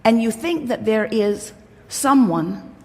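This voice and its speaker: A woman's voice: fairly high pitch, lively intonation, slow pace, a little mellow. A woman giving an inspirational workshop talk to a crowd, emphatic and playful, speaking as "we". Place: large hall. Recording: long hall reverb.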